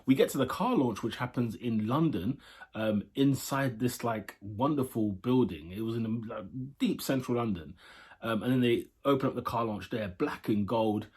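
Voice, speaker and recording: A man's voice: medium pitch, normal speed, darkish tone, husky. A young man chatting his way through a casual spoken review of a show episode, rambling and opinionated.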